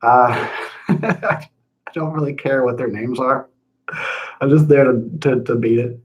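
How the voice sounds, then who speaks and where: A man chatting casually to his livestream audience from a room at home. His pitch sits in the middle range. He talks loosely and profanely, laughs often, and drifts into rants. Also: low-quality recording. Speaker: livestream host reading chat.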